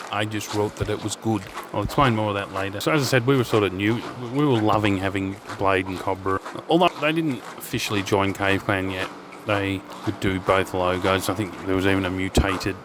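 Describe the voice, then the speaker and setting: An Australian urban explorer talks casually, sidetracking and swearing as he walks a storm drain. His voice sits low. A faint hiss runs under it. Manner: rambling, swears freely, sidetracks. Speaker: urban explorer and channel host. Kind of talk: casual storytelling while walking.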